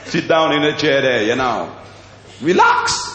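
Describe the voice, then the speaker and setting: A man's voice: on the high side, very animated, a little slow, background noise. A man voicing a laid-back male doctor in a stand-up routine, coaxing and easygoing. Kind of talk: stand-up comedy. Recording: echoey hall with crowd.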